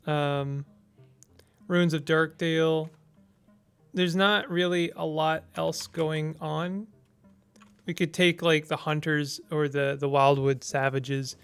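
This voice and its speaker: A man's voice: on the high side, flat delivery, takes it slowly, a bit bright, smooth. A man casually commenting as he plays a text-based strategy game, reading its text aloud and thinking through his moves with small hesitations.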